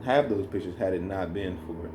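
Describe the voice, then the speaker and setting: A man telling a birth story in a relaxed, rambling way, co-hosting a casual chat with his partner. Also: low-pitched, normal speed, a little hiss or hum. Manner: rambling, animated when retelling. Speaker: co-host, new father.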